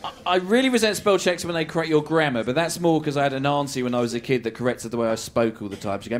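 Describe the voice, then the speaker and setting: A man doing a stand-up routine, animated and self-mocking with deadpan asides. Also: on the high side, fast talker, few pauses, a little hiss or hum. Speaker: stand-up comedian.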